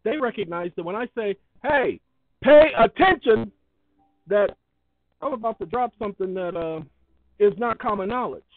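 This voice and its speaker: A man with a high voice hosts his own online video, speaking a little fast as he reads out parts of a court ruling. His casual delivery is emphatic, repetitive and preachy. There's no room sound, and the audio is tinny, like a phone.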